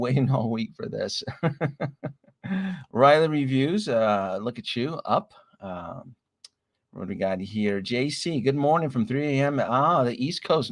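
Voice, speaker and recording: A man's voice: medium pitch, a bit bright, dry recording, studio quality. A middle-aged man hosting a casual late-night livestream, recovering from a chest cold and a little short of breath, greeting viewers one by one with plenty of "uh"s. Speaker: livestream host. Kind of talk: casual live-stream chat reading viewer names.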